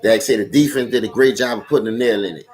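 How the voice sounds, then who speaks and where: Quick-paced and a little mellow, his voice sits fairly low. He's a young sports live-stream host with a New Orleans accent, cursing his way through an animated football rant aimed straight at his viewers.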